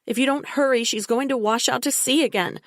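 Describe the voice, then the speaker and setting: Woman narrator as a distraught pregnant young woman, desperate pleading, raised higher voice, dry sound. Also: brisk, no echo. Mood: frantic pleading.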